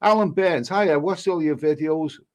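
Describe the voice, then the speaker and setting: Man, higher-pitched, halting chat. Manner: halting, frequent restarts, reads comments aloud then replies. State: coughing now and then. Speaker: travel vlogger reading viewer comments. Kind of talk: casual live-stream chat.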